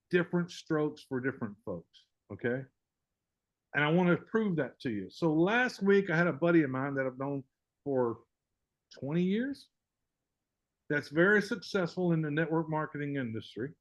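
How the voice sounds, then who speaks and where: A man's voice: fairly high pitch, a little mellow. Older male presenter, folksy and chatty, voices both sides of a story; muffled webinar audio. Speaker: network marketing presenter. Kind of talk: casual webinar talk.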